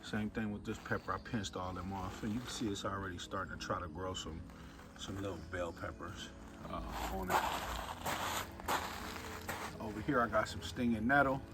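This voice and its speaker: A man casually walking viewers through his home garden, chatty and relaxed, calling them y'all. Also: sits low, normal speed, pauses often, heavy background noise. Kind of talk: casual walk-through narration. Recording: music playing clearly behind the voice.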